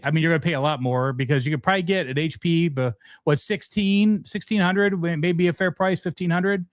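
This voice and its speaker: On a relaxed guitar stream, a middle-aged host chats with his audience, his voice sitting on the high side. He speaks fairly quickly with few pauses, rambling openly and restarting a lot, and no room sound comes through.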